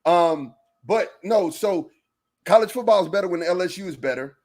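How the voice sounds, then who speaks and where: Man, podcast co-host, casual sports chat, animated, slightly high voice. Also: moderate pace. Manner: animated, talks over partner, repeats phrases.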